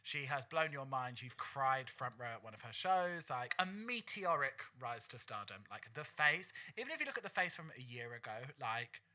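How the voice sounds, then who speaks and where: A man co-hosting a podcast in a studio, gushing and campy in casual chat with quick asides. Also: medium pitch, very animated, pushed and bright. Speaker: podcast co-host.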